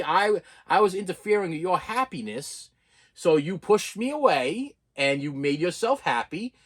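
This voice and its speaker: Man, fifties, emotional rant, stammering restarts, high voice, very animated pitch. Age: 50s. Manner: raw, repetitive, stammering restarts. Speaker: vlogger.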